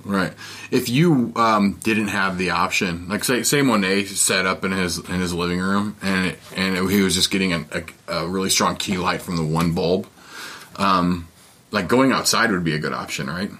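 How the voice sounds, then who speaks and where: A man hosting a podcast, asking questions and explaining in a casual, halting chat. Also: deep voice, bright, forceful tone, a little hiss or hum. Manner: asks questions, restarts, laughs easily. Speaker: podcast host.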